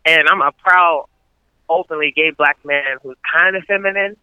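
A man's voice: on the high side, normal speed, sharp tone, clean tone, no room sound, lo-fi sound. A man calling in to a podcast, speaking openly and earnestly about his personal feelings. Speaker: caller. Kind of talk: casual phone-in chat.

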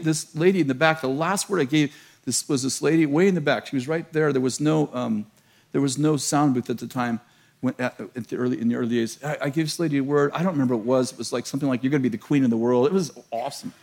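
A middle-aged American pastor preaching a sermon to a church, telling a story with laughter and self-mocking humor. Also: male voice, mid-range voice, fast, creaky, a little mellow. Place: large church.

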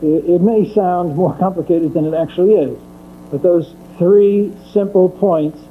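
High-pitched guy teaching theology, repeats stuff, sounds like an old phone recording with hum. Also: measured pace, narrow, tinny audio. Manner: methodical, repeats key points for emphasis. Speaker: Catholic lecturer. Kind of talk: theology lecture.

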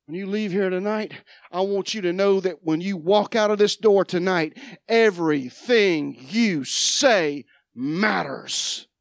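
A woman preacher, giving a dramatic sermon, moving from loud proclaiming to quiet asides. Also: mid-range voice, a little slow, no echo, clean studio sound. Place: church sanctuary.

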